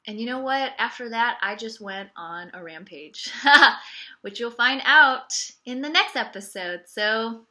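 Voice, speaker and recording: A woman's voice: a little high, expressive, a little slow, bright, forceful tone. A woman telling a personal story on her podcast in a candid, sarcastic way, full of casual fillers. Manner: candid, wry and sarcastic, repeating 'it's okay' ironically; conversational with frequent 'like' and 'you know'.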